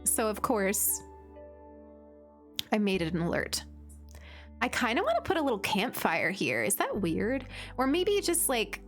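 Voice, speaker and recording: Chatting casually during a live-stream game session, this woman gushes and fills her speech with "like." Her voice sits mid-range but swings hugely in pitch, runs a little slow, and leaves long pauses, with faint music underneath.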